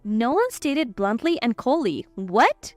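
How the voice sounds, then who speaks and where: Woman narrator for a scripted drama story, high and animated, dry close read. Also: a little fast, no room sound. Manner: lively, cold when retorting.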